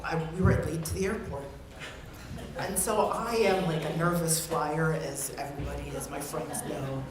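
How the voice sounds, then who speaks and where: A man's voice: on the high side, steady tone, moderate pace. A man giving a eulogy at a memorial, telling a funny story in a chatty way and laughing along. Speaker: eulogy speaker. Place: memorial gathering in a large room. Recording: very echoey room, far from the mic, heavy noise.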